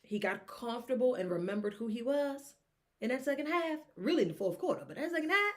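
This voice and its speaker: A woman hosts a casual sports talk show on her own. She talks in an animated, rambling way and drifts off on tangents. She acts out the reactions of fans as she goes. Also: on the high side, fast talker. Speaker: sports podcast host.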